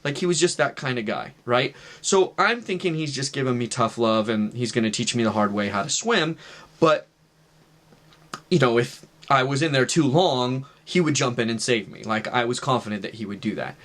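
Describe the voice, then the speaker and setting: A man in his thirties shares a personal testimony as a vlogger, telling it in a casual, earnest way with fillers like "right" and "like." His mid-range voice is fairly bright, with lively intonation and a normal speaking speed.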